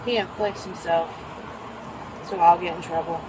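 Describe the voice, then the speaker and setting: A woman's voice: fairly low pitch, fairly even intonation. A woman outdoors giving an agitated, repetitive, profane account of a domestic dispute to a deputy. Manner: agitated, repetitive, profane, rushing over interruptions. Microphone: officer's body camera. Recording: body camera audio with outdoor noise.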